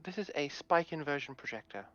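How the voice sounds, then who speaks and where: A man's voice: on the high side, lively intonation, a bit bright, no room sound. A man narrates a tabletop game as game master, stumbling through fillers and restarts. His voice comes through a dull, dry, muffled mic, as on an online call. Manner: halting, with many fillers and restarts.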